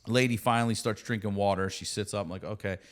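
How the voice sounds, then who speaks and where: A middle-aged man telling a story casually in a studio, animated and profane. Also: on the low side, fast. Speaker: comedian and podcast guest.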